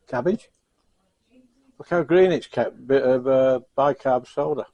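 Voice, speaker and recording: A man's voice: medium pitch, slow, darkish tone, dry recording, highs cut off. A man chatting casually in a home cooking vlog, self-mocking and chuckling as he tries his food. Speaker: cooking vlogger.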